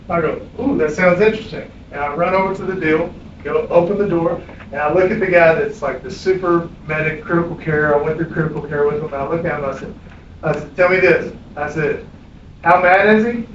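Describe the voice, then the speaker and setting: A middle-aged man teaching a classroom of medics, blunt and salty, throwing questions at his students. His voice sits a bit high for a man. He's picked up from far off in an echoey room, dull and lo-fi, with faint noise behind him. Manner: blunt, profane, quizzing the class. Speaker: EMS instructor. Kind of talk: classroom lecture with anecdotes. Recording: echoey room, distant mic.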